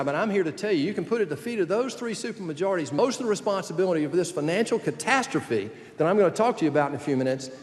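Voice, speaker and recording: Older male senator addressing a big conference hall, folksy joking storyteller, a bit higher voice, big reverb. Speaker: senator giving a speech. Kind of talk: political speech to a youth conference.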